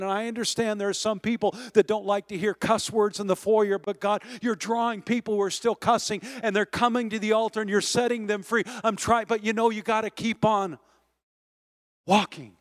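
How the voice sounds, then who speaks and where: Fervent preaching pastor, dry sound. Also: male voice, high voice, steady tone, moderate pace, no room sound. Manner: preaching that swells from quiet storytelling to loud exhortation. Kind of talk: sermon. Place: church sanctuary.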